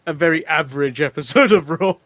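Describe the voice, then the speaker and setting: A man's voice: fairly high pitch, fast talker, crowd noise. A man co-hosting a casual wrestling recap, giggling as he runs through events in long run-on sentences. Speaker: co-host.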